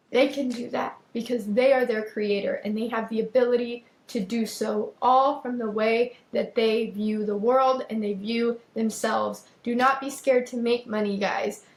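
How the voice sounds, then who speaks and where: A woman's voice: a little high, echoey room. A young woman hosting a podcast, giving a casual motivational talk in an earnest, emphatic manner and repeating phrases for emphasis. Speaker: podcast host.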